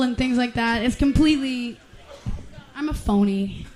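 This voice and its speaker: A woman's voice: fairly high pitch, moderate pace, darkish tone. A woman from Vermont, a singer chatting with her audience between songs, self-mocking and stammering a little as she restarts her sentences. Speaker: singer-songwriter performing live. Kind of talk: live stage banter between songs. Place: live music venue with audience. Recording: live concert recording with crowd and music.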